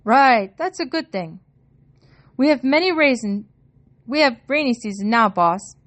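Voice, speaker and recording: Woman doing a loud joking taxi driver. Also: a little high, animated, measured pace, pitched above the performer's own voice. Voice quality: almost British accent. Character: cheerful chatty male taxi driver.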